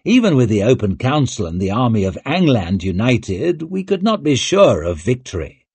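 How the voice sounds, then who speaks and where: A man voicing a smooth, scheming male nobleman who talks in a persuasive, calculating way. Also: mid-range voice, sing-song, moderate pace, darkish tone, no echo, heavily acted.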